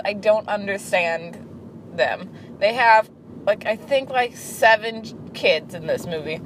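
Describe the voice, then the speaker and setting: A woman talks casually to the camera in a middle-pitched voice. She is chatty and fills her sentences with "like," often stopping and starting over mid-thought. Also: a little hiss or hum. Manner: chatty, peppered with "like", frequent restarts. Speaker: vlogger. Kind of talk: casual chat.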